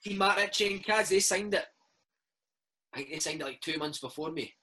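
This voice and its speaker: A Scottish man in his thirties spins football stories at a rapid clip, tossing in "mate" and "eh" constantly. His voice sits fairly high, with a bright, slightly husky edge. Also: poor audio. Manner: chatty, peppers speech with "mate" and "eh". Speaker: former footballer, guest. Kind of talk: casual storytelling interview.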